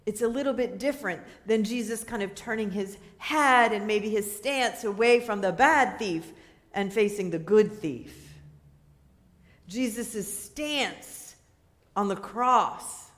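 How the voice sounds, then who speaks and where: A woman pastor preaches in an unhurried, chatty way, often checking in with her listeners. Her voice sits at an ordinary mid pitch, and she is speaking in a church sanctuary. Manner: conversational, asks the listeners questions, light laughter. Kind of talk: sermon.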